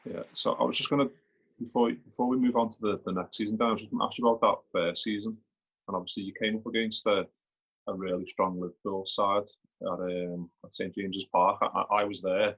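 A man hosting a podcast, asking eager questions quickly with many restarts. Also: lowish voice, little pitch movement, a bit bright, breathy edge, low-quality recording. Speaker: podcast host. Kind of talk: casual podcast interview.

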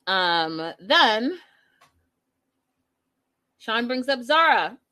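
A woman hosting a casual live-stream recap, chatty and animated, talking straight to her viewers. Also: on the high side, drawn-out words. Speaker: reality show recap host.

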